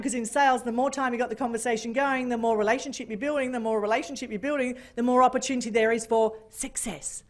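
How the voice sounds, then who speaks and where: A woman giving a keynote talk, telling a story with lively, animated delivery and acting out phone calls. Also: fairly high pitch, fast talker. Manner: animated, acts out phone calls in different voices. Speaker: keynote speaker. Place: function room.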